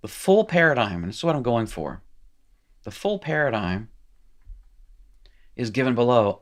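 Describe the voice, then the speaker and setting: In a recorded lesson, a man teaches in a loose, rambling style, reading passages from a textbook aloud, then commenting, correcting himself, and tossing in jokes. His voice is mid-range and a bit bright, with lively intonation, normal speed, and frequent pauses.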